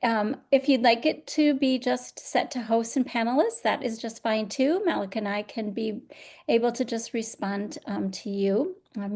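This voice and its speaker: Scratchy gravelly woman running an online journaling call, bit high voice, lots of ums and restarts. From Minnesota. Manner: warm, chatty, many fillers and restarts. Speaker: host of an online journaling session. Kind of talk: casual live webinar hosting.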